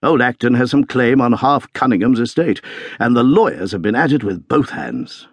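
Man voicing an older colonel, hearty, genial, matter-of-fact, husky tone, dry recording. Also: mid-range voice, animated, normal speed, no room sound.

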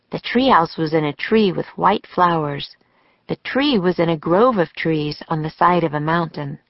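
Slow, gravelly woman reading a children's story. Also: deep voice, no room sound. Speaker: author and narrator. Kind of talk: children's audiobook narration. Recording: dry, slightly dull studio audio.

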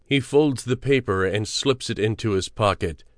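A man narrating a novel as an audiobook in a measured, steady storytelling manner, on a close studio mic. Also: on the low side, no room sound.

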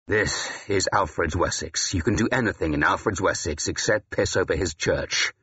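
A man voicing a gruff, battle-hardened older Saxon ealdorman who snarls and growls his blunt, weary words in an audiobook. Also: sits low, normal speed, a bit bright, highs cut off, exaggerated voice. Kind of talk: audiobook character voice.

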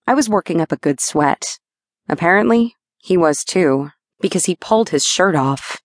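A woman narrating a novel in the first person, telling it in a measured, wry way on a close mic. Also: lowish voice, dry recording. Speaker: audiobook narrator. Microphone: close studio mic.

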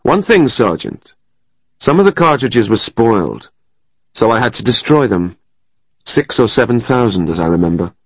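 A man voicing a shifty, crooked army major who speaks in a sly, measured way, in an audiobook. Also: medium pitch, big pitch swings, no echo. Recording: dry, slightly muffled studio.

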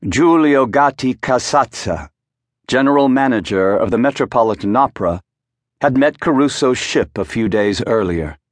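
A man narrating an audiobook in a measured, wry storytelling manner, recorded in a studio. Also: mid-range voice, animated, no room sound. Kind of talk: scripted narration.

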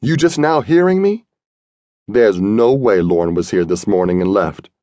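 A male audiobook narrator voicing a frantic, paranoid young woman who yells and accuses. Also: lively intonation, moderate pace, no echo, natural voice. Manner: loud, accusing, high-strung.

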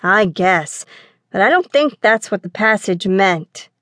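A woman's voice: mid-range voice, expressive, a little slow, fairly bright tone, dry recording, studio quality. A woman doing a fearless, curious boy. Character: bold curious boy prince, younger brother.

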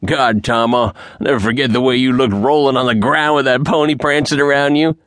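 A man voicing a good-natured, middle-aged ranch sheriff who talks in a raised, excitable voice. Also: mid-range voice, fairly quick, no room sound, studio quality, voice pushed up, natural voice. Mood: amused.

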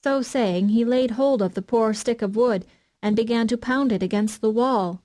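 A woman narrating an unabridged classic children's audiobook, gently addressing young readers. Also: fairly high pitch, normal speed. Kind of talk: scripted storybook narration.

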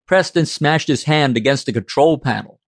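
A man narrating a science fiction audiobook in a steady, measured reading. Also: on the high side, no echo, clean studio sound.

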